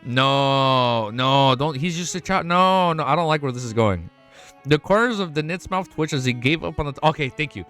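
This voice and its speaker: A man reading a webnovel aloud and reacting casually, swearing often and breaking into excited outbursts. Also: on the high side, normal speed, faint music behind. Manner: swears a lot, excitable outbursts between read passages.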